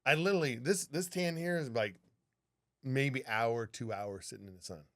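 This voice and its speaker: A man co-hosting a podcast, telling a story in casual, animated talk with a lot of swearing. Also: mid-range voice, normal speed. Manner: animated, profane, acts out what people said. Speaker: podcast co-host, flight attendant.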